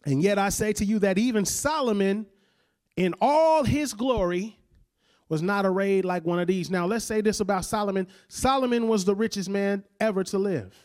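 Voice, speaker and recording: A man with a notably high-pitched voice preaches a sermon in a loose, conversational way. He slows down and sinks his voice on the lines he wants to land, and he calls on his listeners to say phrases back to him. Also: a little mellow. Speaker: pastor.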